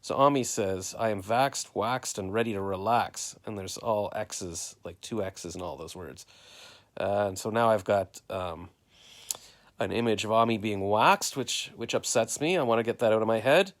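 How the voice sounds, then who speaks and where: A man's voice: fairly low pitch, moderate pace. A Canadian man rambling through a story of his day on a live stream, quoting everyone with "I'm like" and "he's like.". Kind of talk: casual live-stream chat.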